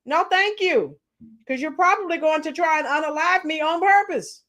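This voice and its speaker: Chatty female reaction-stream host with a high voice who talks straight to her chat. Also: moderate pace, fairly bright tone. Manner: chatty, greets chat viewers by name. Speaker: livestream host. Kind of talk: casual reaction livestream.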